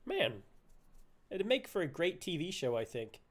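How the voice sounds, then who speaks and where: Man, game streamer, joking, lively pitch, silly commentary. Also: measured pace. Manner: joking, giggly, silly asides.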